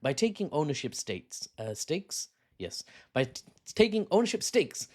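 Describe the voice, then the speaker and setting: A man giving a casual, rambling news commentary, cracking jokes and laughing at his own asides. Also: fairly high pitch.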